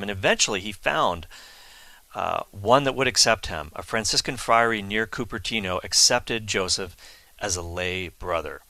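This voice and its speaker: A man tells a saint's life story in a chatty, enthusiastic way, full of asides. His voice is fairly low and bright, and it sounds close and dry with no room echo. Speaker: Catholic speaker telling a saint's story. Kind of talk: casual storytelling talk.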